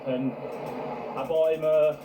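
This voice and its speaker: A man's voice: fairly high pitch, level tone, slow pace, echoey room, noisy background. A man from the UK, earnestly telling a travel story to camera and reflecting on it. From United Kingdom. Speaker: travel vlogger. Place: outdoors in a park.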